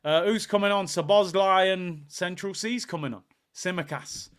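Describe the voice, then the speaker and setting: An excitable young man, hosting a live football watchalong. His voice sits a bit high and rings bright and forceful. He talks fan commentary over the match and reads out chat messages, then breaks into shouts when the play gets tense. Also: normal speed.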